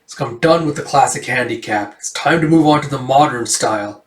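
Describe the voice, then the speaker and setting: A man's voice: medium pitch, brisk, close to an everyday voice. A man voicing a fierce, determined young cyborg woman fighter in an earnest, urgent way, in a comic read-through. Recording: roomy echo, distant mic.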